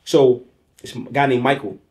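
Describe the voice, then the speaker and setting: A man guest telling a story on a talk show, animated and profane, who keeps checking in with "right?". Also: mid-range voice, normal speed.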